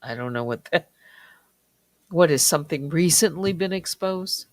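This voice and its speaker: A stream host chatting late at night, slow and quiet and often dropping to a whisper, with a slightly dry, strained voice. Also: mid-range voice, lively intonation, no echo. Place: small warm room at home.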